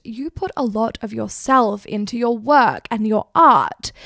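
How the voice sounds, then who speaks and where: A woman's voice: high voice, no room sound, studio quality. A woman hosting irreverent literary commentary, speaking crudely and laughing often as she talks. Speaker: host.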